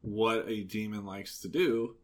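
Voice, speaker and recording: Male podcast co-host, slightly low voice, relaxed and opinionated film talk. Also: unhurried. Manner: chatty and opinionated, agreeing often. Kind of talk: casual movie discussion.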